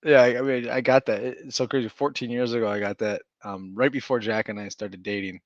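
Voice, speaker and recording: A man's voice: mid-range voice, steady tone, fairly quick, dry recording, lo-fi sound. A man co-hosting a casual podcast, easygoing and rambling, chuckling as he talks. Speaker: podcast co-host. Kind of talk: casual chat.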